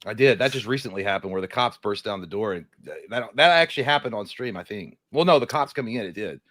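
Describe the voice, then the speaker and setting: Fast-talking profane male co-host. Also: fairly low pitch, no room sound. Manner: rapid, profane, animated storytelling. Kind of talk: casual live-stream chat.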